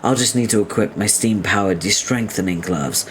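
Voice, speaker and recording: A man's voice: lowish voice, moderate pace, slight background noise, close to an everyday voice. A man reading as a prim, long-winded young male troll inventor who talks in a formal, stiffly polite way.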